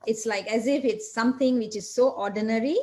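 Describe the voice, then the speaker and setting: Earnest woman physician explaining calmly. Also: on the high side, brisk. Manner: earnest, explanatory, lists points step by step. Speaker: physician and coach, guest. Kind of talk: interview answers.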